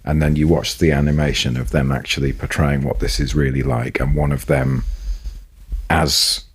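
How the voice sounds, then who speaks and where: A man's voice: rumbling low, little pitch movement, moderate pace, husky. A man co-hosting a podcast, telling stories in casual chat with hesitant restarts. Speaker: podcast co-host.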